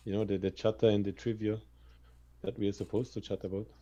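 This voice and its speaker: A man joining a casual panel chat over a video call, speaking in a measured, musing way. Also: on the low side, little pitch movement, mellow. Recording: dull lo-fi sound.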